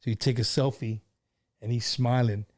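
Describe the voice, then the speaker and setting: A man's voice: medium pitch, fairly even intonation, normal speed, a little mellow. A middle-aged man hosting a casual live stream, chatting and telling stories in an easygoing way, with plenty of "you know" and "man".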